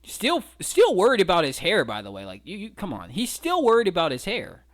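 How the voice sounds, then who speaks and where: A man's voice: high voice, wildly swooping pitch, fairly quick, a bit bright. A man giving a casual, incredulous breakdown of fight footage, mocking and swearing freely. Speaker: wrestling commentary vlogger.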